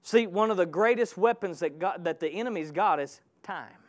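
A man's voice: high voice, moderate pace. A man preaching a sermon with passion, calling out to his congregation. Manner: impassioned, calls out to the congregation.

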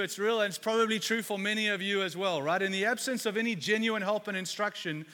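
A man's voice: a little high, bright, forceful tone. A middle-aged man preaching a sermon as a pastor, speaking candidly and confessionally, often restarting his sentences and asking his listeners rhetorical questions. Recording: long hall reverb.

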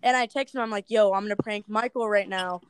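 A woman's voice: mid-range voice, fast, a little hiss or hum, low-quality recording. A young woman being interviewed, telling stories in a chatty way, often laughing and acting out what people said. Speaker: interviewee, video creator. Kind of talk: casual interview storytelling.

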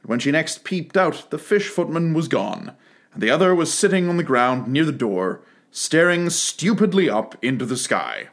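Animated male storybook narrator. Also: fairly high pitch, moderate pace. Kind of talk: reading a classic storybook aloud.

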